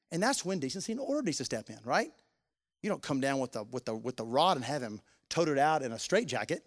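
A man preaching a sermon as pastor, stretching key words slowly and climbing loud on emphasis, then dropping to a soft, low voice for prayers and asides.

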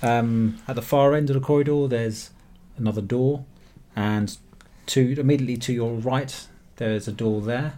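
A man runs a tabletop game as game master, describing rooms and calling for dice checks. He talks in a middle pitch, stopping now and then on fillers as he builds each scene. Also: steady tone, moderate pace, few pauses, warm tone.

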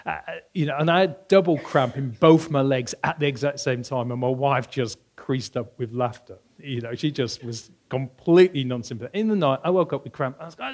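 A man's voice: fairly high pitch, fairly quick, hardly any pauses. A middle-aged man preaching a sermon in a church, conversational and anecdotal, often restarting phrases and lifting his voice for emphasis. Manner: animated, raises voice for emphasis. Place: church hall.

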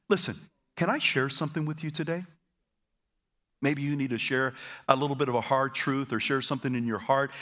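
In a church auditorium, a pastor with a medium-pitched voice preaches energetically, having his congregation repeat phrases back to him. His delivery includes stammered repeats and quick asides.

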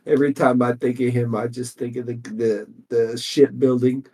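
A man's voice: medium pitch, little pitch movement, over a noisy crowd. A man, chatting casually as a podcast co-host, who rambles and restarts his sentences. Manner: rambling, halting restarts, drawling. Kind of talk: casual chat.

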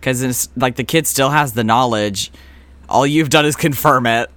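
A man co-hosting a casual podcast, reacting to the story with quick jokes and frequent swearing. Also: medium pitch, fairly bright tone, clean tone. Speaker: podcast co-host reacting to the segment.

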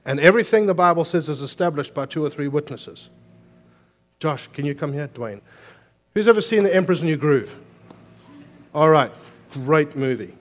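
A man preaching a sermon as pastor, moving between emphatic raised lines and quiet, earnest explanation. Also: fairly high pitch, expressive, normal speed, long pauses.

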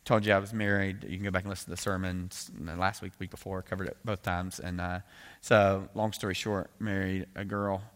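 A man's voice: low voice, flat delivery, a little fast, a bit bright. A man preaching a sermon, telling a candid personal story in a conversational way with many asides. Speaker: pastor.

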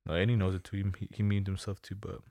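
A man with a fairly low voice talks in a loose, slangy way, full of swearing and retold dialogue. He sits close to a dry mic with no room sound. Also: little pitch movement, racing, vocal fry, a little mellow, no echo. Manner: loose, slangy and profane, tells stories with quoted dialogue. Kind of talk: casual chat.

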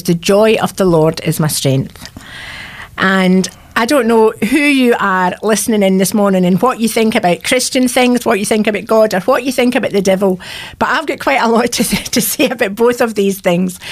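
Woman, 60s, radio guest, earnest heartfelt storyteller, voice prone to cracking. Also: medium pitch. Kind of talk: radio interview, personal testimony.

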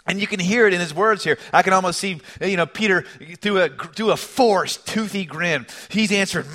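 A male pastor giving a sermon, telling the story in an animated way with conversational asides. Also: high-pitched, normal speed, few pauses.

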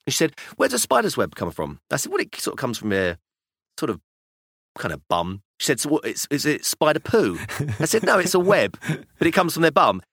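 A British man in his thirties or forties co-hosting a casual podcast about fatherhood, telling animated stories about his young daughters. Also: on the high side, a little fast, creaky, slightly rough, no room sound, studio quality. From United Kingdom. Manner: animated storytelling, acting out kids' voices. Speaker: podcast co-host. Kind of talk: casual chat.

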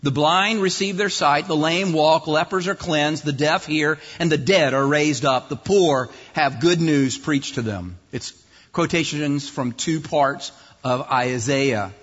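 A man delivers a sermon, explaining scripture with lively emphasis. His voice is a little high and husky. The sound is muffled and rings with a long reverb, as in a large hall. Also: measured pace. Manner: expository preaching, lively, acts out voices mockingly. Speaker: pastor.

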